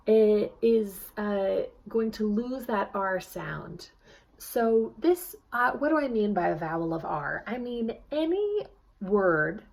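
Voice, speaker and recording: A woman dialect coach, unhurried and deliberate, taking the listener through sounds one at a time. She demonstrates each sound slowly and invites the viewer to try it, in a voice of ordinary middle pitch. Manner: slow, demonstrating sounds and prompting the viewer to repeat. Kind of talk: video accent lesson.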